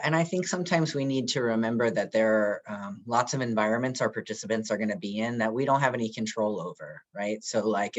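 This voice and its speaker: A man leading a harm reduction training on a video call, speaking in a gentle, reassuring way and often checking in with "right?". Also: fairly low pitch. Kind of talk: workshop facilitation.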